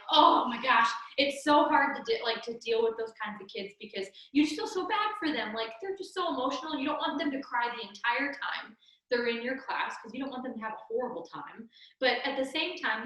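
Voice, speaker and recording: A woman's voice: on the high side, a bit bright. A young woman leading a children's ministry training in a casual, chatty way, laughing often and using many fillers. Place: church room. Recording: echoey room from far off.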